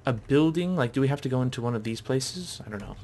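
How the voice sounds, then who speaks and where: A man's voice: mid-range voice, lively intonation, fast, warm tone. Man chatting through gameplay. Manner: chatty, unsure, thinking aloud. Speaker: gamer. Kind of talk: casual gameplay commentary.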